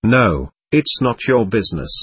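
A man's voice: on the low side, sing-song, unhurried, fairly bright tone, breathy edge, no echo, heavily acted. A man voicing a bold, cocky teenage schoolboy who talks in a lofty, mocking way. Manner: lofty, mocking and self-assured.

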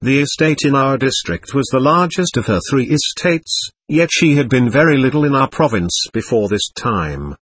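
A man narrates a classic novel as an audiobook, reading expressively. His pitch moves widely through each sentence, and his voice carries a slight huskiness. The sound is close and dry. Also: expressive, normal speed, few pauses, fairly bright tone, breathy edge, no room sound. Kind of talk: scripted narration.

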